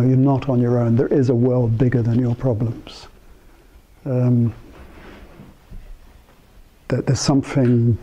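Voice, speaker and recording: An older man gives an informal talk to a handful of psychotherapists in a meeting room with a small live audience. He tells anecdotes conversationally, mimicking the people in them and thinking aloud with pauses and restarts. His voice is medium-pitched and mellow, and the recording sounds muffled.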